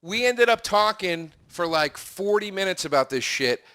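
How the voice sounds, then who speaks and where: A man's voice: high voice, normal speed, no echo. A man co-hosting a casual comedy podcast, telling stories and acting out the lines of others. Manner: animated storyteller, acts out quoted dialogue. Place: apartment.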